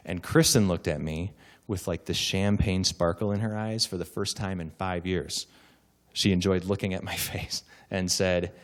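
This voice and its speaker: A man giving a humorous keynote, telling stories with animated comic timing and acted voices before a live audience. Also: on the low side, moderate pace. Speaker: keynote speaker.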